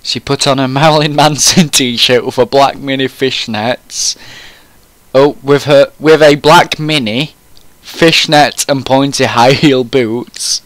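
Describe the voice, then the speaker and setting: A man's voice: medium pitch, steady tone, slow, a bit bright, dry recording. A man reading a fan story aloud in a comic, mock-serious way, often breaking into laughter.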